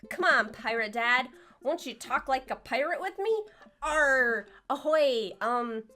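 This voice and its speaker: A woman voicing a dry, teasing teenage daughter in a dating game, talking deadpan. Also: high voice, unhurried, soft background music, exaggerated voice.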